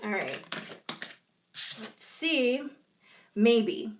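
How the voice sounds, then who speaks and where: Hoarse woman doing a live card reading. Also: a little high, very animated, drawn-out words, slight background noise. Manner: chatty, reassuring, apologetic asides. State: hoarse, clearing her throat. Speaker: tarot reader.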